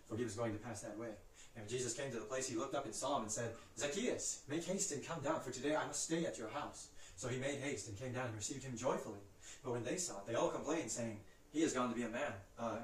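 A man reciting Bible passages from memory in a brisk, steady way, lifting his voice for the quoted cries. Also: medium pitch, roomy sound, recorded from a distance, a little hiss or hum, low-quality recording. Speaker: Scripture reciter.

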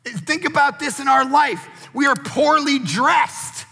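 A man in his forties, a pastor preaching a sermon, who tells a lively family story and acts out the voices in it. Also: very high voice, slow, gravelly, long reverb tail.

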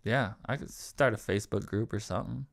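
A man's voice: on the low side, brisk, vocal fry. A man with an American accent co-hosting a podcast, joking and laughing often in casual banter. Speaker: podcast co-host.

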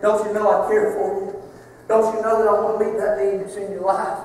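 A preacher putting on a gentle, pleading caller of the weary. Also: male voice, sits high, level tone, brisk, slight background noise, voice pushed down, natural voice. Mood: tender pleading. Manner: soft, pleading, repeating invitations. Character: gentle tender man calling the weary. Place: church sanctuary. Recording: echoey church hall from far off.

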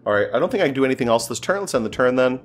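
A man's voice: medium pitch, big pitch swings, racing, soft background music. A man giving casual, joking commentary while playing a strategy game, thinking aloud and sounding exasperated. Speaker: gameplay streamer.

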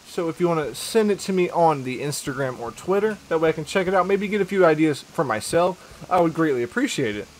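Upbeat young man streaming a game. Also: a little high. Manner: upbeat, chatty, reads and answers chat, slangy. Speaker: gaming streamer. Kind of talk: casual live-stream chat while playing.

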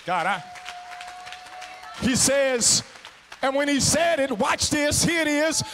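A middle-aged man with a Southern US accent preaching in a Black church, emphatic, stammering repeats, a sing-song cadence that swings from hushed to shouting. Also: very high-pitched, expressive, slow pace, in a large hall, a faint crowd, slight background noise. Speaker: guest preacher. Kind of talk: Black church sermon with call and response. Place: church sanctuary.

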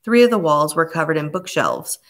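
A woman with a low voice narrates a suspense novel. Her reading is steady and measured, with an even, unhurried delivery. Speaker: audiobook narrator. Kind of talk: scripted narration.

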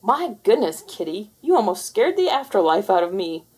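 A woman voicing a fussy, hungry male ghost in a storybook read-aloud, talking in a high shrieking wail. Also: big pitch swings, moderate pace, darkish tone, breathy edge. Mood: shrill.

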